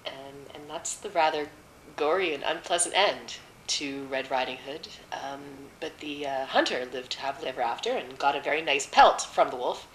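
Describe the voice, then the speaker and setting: A woman's voice: sits low, fairly bright tone, echoey room, a little hiss or hum, poor audio. A woman casually retelling a fairy tale off the cuff, chatty, with fillers and wry asides. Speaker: storyteller.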